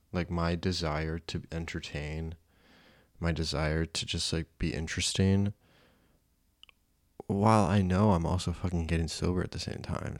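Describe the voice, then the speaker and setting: Young male podcaster, deep voice, rambling and self-mocking, crude. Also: no room sound, studio quality. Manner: rambling and self-deprecating, swears often. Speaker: podcast host. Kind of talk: casual solo podcast monologue.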